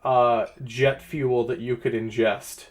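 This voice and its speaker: A man's voice: mid-range voice, flat delivery, slow pace, a little hiss or hum. A man running a tabletop game as game master, explaining rules and items with frequent "uh" fillers.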